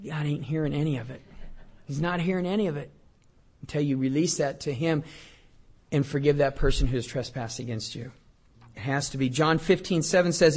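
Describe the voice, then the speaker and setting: Man, pastor, middle-aged, high voice, sermon, conversational, scripture reading. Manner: conversational, joking, shifts between loud and quiet; reads scripture aloud.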